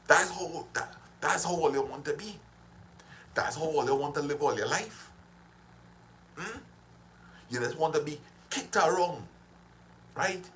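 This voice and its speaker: A man's voice: medium pitch, fairly bright tone, slight background noise, rough recording. A man giving a motivational live-stream talk to viewers, preaching and repeating his points for emphasis. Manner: preachy, repetitive exhortations.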